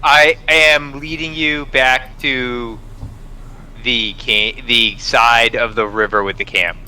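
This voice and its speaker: Bright, forceful male player. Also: medium pitch, steady tone, slow pace, smooth, poor audio. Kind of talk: casual tabletop game play.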